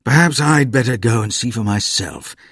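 A man's voice: medium pitch, wildly swooping pitch, moderate pace, vocal fry, husky, dry recording, clean studio sound, voice pushed up, exaggerated voice. A man voicing a weary, downcast father who struggles to keep his temper in a storybook reading. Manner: weary, restrained.

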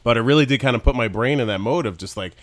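A man's voice: medium pitch, very fast, no echo. A man co-hosting a podcast, chatting casually in a rambling way with lots of restarts. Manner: rambling, self-interrupting storyteller. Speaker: podcast co-host. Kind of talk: casual chat.

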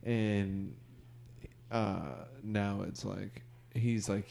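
A man chatting casually on a podcast in a low, dark voice with a gravelly rasp. He is laid-back and loose, dropping "dude" and "like" all through his talk. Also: steady tone, measured pace. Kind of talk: casual chat.

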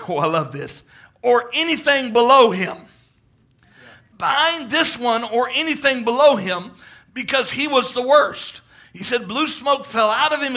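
A man preaches with fervor, his voice sitting unusually high and ringing bright. He retells a vision in long quoted passages, pushing his emphasis upward as the sermon builds. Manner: fervent, quoting at length, rising emphasis.

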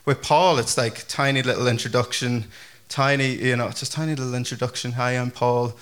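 A pastor delivers a casual, conversational sermon in a mid-range voice at a slightly fast pace. He's chatty and animated, with frequent fillers and restarts.

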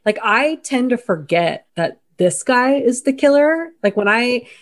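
A British woman co-hosting a podcast, telling a lively movie recap and acting out her own reactions. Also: on the high side, measured pace. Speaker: podcast co-host. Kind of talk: casual movie review chat.

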